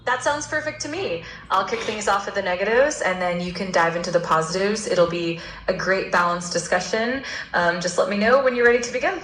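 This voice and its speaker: A woman's voice: mid-range voice, a little fast, fairly bright tone, roomy sound, a little hiss or hum, low-quality recording. A synthetic woman's voice with an American accent, answering as a polite and agreeable AI assistant. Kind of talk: scripted discussion replies.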